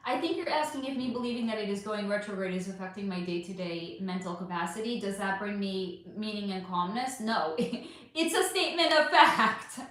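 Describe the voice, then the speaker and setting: A woman hosting a psychic livestream, chatting candidly with viewers and swearing freely as she answers their comments. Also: mid-range voice. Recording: very echoey room.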